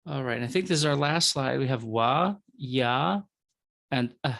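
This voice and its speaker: A man's voice: mid-range voice, moderate pace, vocal fry, a bit bright, no echo. A male professor giving a recorded lecture, sounding out syllables one at a time and explaining them to students. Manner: explanatory, with fillers and asides to the student.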